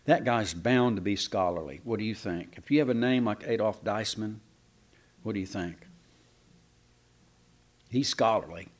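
A man preaching a sermon in a folksy, animated way, with sarcastic asides to the congregation. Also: lowish voice, moderate pace, long pauses. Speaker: pastor.

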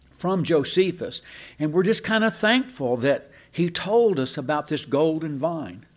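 A man teaching the Bible in a relaxed, conversational way, musing aloud and leaning hard on key words. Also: a little high.

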